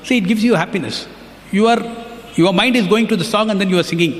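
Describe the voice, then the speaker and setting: A man's voice: high voice, very fast, long reverb tail. A man giving an earnest devotional talk, telling anecdotes and quoting others as he goes. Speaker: devotional speaker.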